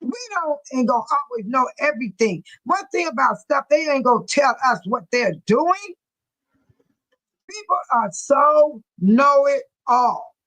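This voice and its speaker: A woman's voice: high-pitched, lively intonation, moderate pace, few pauses, fairly bright tone, poor audio. Outspoken woman reacting to live chat. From Illinois. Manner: outspoken, reads chat aloud and reacts with blunt opinions. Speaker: livestream host reading viewer comments. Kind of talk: casual livestream commentary.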